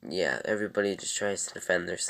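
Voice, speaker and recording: A man's voice: deep voice, quick pace, creaky, a bit bright. A young man giving a casual TV episode review in a rambling, loose way, with many ums and corrections.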